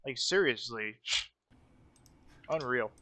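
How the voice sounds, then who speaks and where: A man's voice: mid-range voice, expressive, slow pace, pushed and bright. A man hosting a casual livestream, talking bluntly with lots of swearing and repeated phrases. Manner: blunt, profane, repeats himself. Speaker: livestream host.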